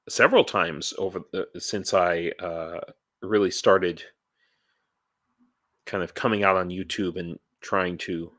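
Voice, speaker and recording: Tired guy rambling slow on his vlog, low voice, dry close sound, lots of restarts. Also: sharp tone, dry recording. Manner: halting, rambling, many restarts and fillers; ranty, blunt with swearing. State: tired, dehydrated. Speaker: YouTuber and volunteer in Ukraine. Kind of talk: casual vlog monologue.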